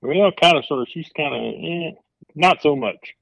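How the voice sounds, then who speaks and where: A man's voice: a little high, normal speed, gravelly, dry recording. A man with a West Texas accent, calling in to a podcast and chatting in an easygoing, slightly hesitant way. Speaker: caller. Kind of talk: casual interview chat. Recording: dull lo-fi line.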